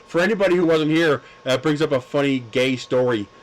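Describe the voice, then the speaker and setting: A man's voice: a little high, brisk, low-quality recording. A man hosting a livestream, telling stories in a casual chat with lots of laughter and crude jokes. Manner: laughing, crude joking storyteller. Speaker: livestream host.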